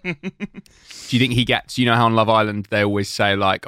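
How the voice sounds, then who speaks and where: A man's voice: lowish voice, fairly even intonation, brisk, sharp tone, clear, resonant tone, no room sound, clean studio sound. A British man co-hosting a podcast, building comedic riffs in a meandering, hedging way. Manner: meandering, hedging with likes and ums. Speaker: podcast co-host. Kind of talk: casual comedic chat.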